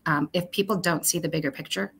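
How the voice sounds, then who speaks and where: A woman's voice: sits low, fairly even intonation, quick pace, gravelly, a bit bright, slight background noise. A woman guest, a corporate talent executive, speaking reflectively in a conversational interview and thinking aloud with fillers and restarts.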